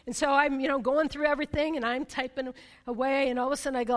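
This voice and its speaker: High-voiced woman preaching in a reverberant hall. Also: fast talker. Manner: personal storytelling, emphatic, frequent "right?" asides; swings between loud excitement and hushed intensity. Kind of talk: sermon.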